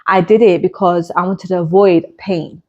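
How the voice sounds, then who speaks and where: A woman's voice: on the low side, fairly even intonation, moderate pace, warm tone, highs cut off. A woman podcast host and hypnotist coach in a personal monologue. She speaks candidly and reflectively, building her points through repeated parallel phrases.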